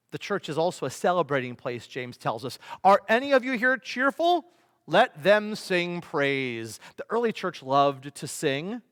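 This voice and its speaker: A man, a pastor, preaching a sermon with emphatic delivery, rhetorical questions and swings between loud and soft. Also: a little high. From United States. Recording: long reverb of a large hall.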